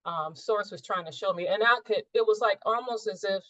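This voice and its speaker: A woman's voice: mid-range voice, a little fast, a bit bright, no room sound. A woman sharing a personal spiritual experience in a coaching session, earnest and searching, often rephrasing mid-thought. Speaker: coaching client. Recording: dull, dry recording.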